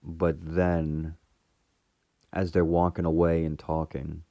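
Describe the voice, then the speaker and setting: A man's voice: very deep voice, flat delivery, slow pace, creaky, mellow, no room sound. A man casually recapping a TV episode in a rambling way, full of fillers and restarts. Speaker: fan reviewer retelling a TV episode.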